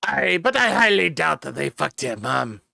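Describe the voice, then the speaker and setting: A man voicing a gruff older male dwarf runesmith in a tabletop game, blunt and folksy, saying aye and lad. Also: a little high, big pitch swings, moderate pace, bright, forceful tone, dry recording, studio quality, voice pushed up, exaggerated voice. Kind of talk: in-character tabletop role-play.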